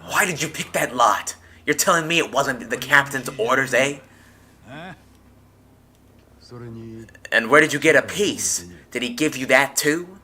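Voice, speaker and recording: A man reading aloud as a brash, crude male yakuza lieutenant in a video game, loud and blustery. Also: mid-range voice, animated, normal speed. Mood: angry. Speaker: let's play streamer.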